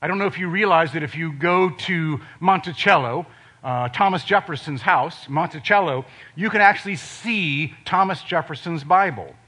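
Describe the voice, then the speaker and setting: An older man from Ohio preaching a sermon in a conversational way, dropping suddenly to quiet emphasis on key words. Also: a little high, moderate pace. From Ohio, USA.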